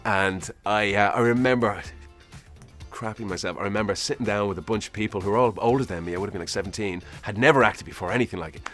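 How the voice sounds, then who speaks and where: A man's voice: on the low side, fast talker, a bit bright, soft background music. A man in his forties, an actor answering interview prompts in a chatty, self-deprecating way, laughing at himself as he rambles through memories.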